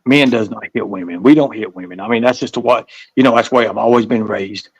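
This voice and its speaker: A man's voice: lowish voice, fast, breathy edge, no echo, muffled recording. A man from the American South with a Southern accent, a guest telling stories in a casual interview, rambling and repeating himself. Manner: rambling, repeats words, acts out voices in stories.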